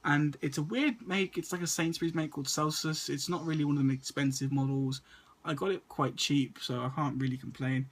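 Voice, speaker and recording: A man's voice: on the high side, fairly even intonation, fairly quick. A man, stuttering and restarting often as he casually talks through a list of movies to his camera. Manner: stutters and repeats words often. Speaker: movie vlogger.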